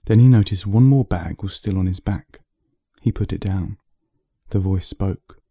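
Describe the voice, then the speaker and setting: A man from the UK reads a bedtime story in a slow, even way. His voice is low and very mellow, and it is recorded close up with no room sound at all. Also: dry recording. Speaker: author reading his own story.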